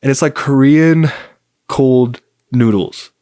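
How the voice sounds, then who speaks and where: A young man hosts a casual solo podcast in a chatty, rambling way, full of fillers and easy enthusiasm. His voice sits at an ordinary middle pitch. The recording is dry and close, with no room sound. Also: takes it slowly, mellow, clean tone, no echo. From United States. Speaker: podcast host.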